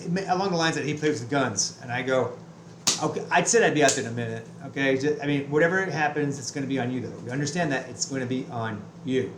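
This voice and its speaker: A man's voice: medium pitch, quick pace, reverberant, noisy background. A man telling a heated, profane story about his day in a casual vlog rant, full of restarts. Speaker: vlogger. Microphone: webcam.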